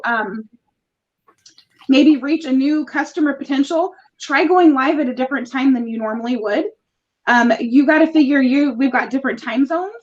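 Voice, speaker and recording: A woman guest on a live interview, friendly and conversational, over lo-fi video call audio. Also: high-pitched. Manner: friendly, conversational, laughs easily. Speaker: guest, small business owner.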